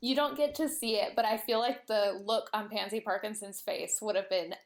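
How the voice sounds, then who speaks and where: A woman's voice: medium pitch, steady tone, moderate pace. A young woman co-hosting a podcast in casual chat, enthusiastic and chatty, filling her talk with "like". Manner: chatty, enthusiastic, uses lots of "like". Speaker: podcast co-host.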